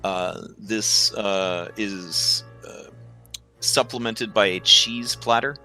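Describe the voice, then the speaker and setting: A man's voice: lowish voice, steady tone, slow pace, bright, forceful tone, soft background music. A man narrating as game master for a tabletop game, rambling with many fillers.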